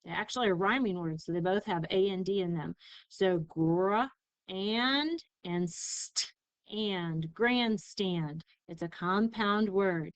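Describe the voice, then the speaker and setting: A woman teacher giving a recorded spelling lesson, sounding out syllables slowly and carefully. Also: medium pitch, dry recording, rough recording. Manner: slow, careful enunciation of syllables.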